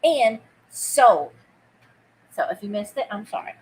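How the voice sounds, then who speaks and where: A woman's voice: mid-range voice, sing-song, a little slow, a little mellow, slightly rough, low-quality recording. A woman hosting a live online vintage sale. She chats casually, greets viewers by name while she takes bids, and drops easy asides. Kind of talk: live-stream auction chat.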